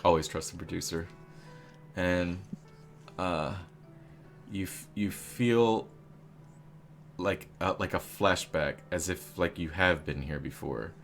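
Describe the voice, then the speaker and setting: A low-voiced man running a tabletop game as game master, speaking slowly and deliberately. He rambles, filling gaps with ums and likes and tossing in silly asides, with faint music underneath. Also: a bit bright. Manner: rambling, many fillers, jokey asides.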